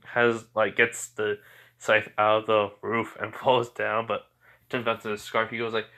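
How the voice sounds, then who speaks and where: A man's voice: lowish voice, little pitch movement, normal speed, a bit bright. A young man casually improvising a fan story, rambling with lots of fillers. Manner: rambling, many fillers like "you know" and "he's like".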